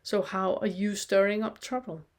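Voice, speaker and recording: A woman giving a spoken spiritual lesson in a calm, reflective way, posing many rhetorical questions to the listener. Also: mid-range voice, moderate pace. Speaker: spiritual teacher.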